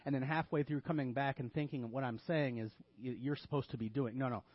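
A man's voice: medium pitch, fairly even intonation, a little fast, dry recording, muffled recording. A man, a pastor, preaching a sermon, delivering a list with tongue-in-cheek sarcasm.

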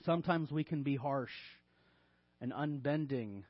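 A man's voice: mid-range voice, measured pace, dry recording, dull audio. A man, a pastor, preaching a sermon, delivering a list with tongue-in-cheek sarcasm.

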